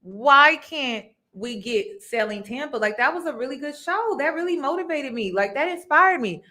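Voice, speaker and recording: Brief: higher-voiced woman, casual vlog host, emphatic and repetitive, talks straight to viewers. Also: expressive, moderate pace, pushed and bright. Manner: chatty and emphatic, repeats points, addresses viewers as y'all. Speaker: reaction video host. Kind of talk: casual commentary on a reality show.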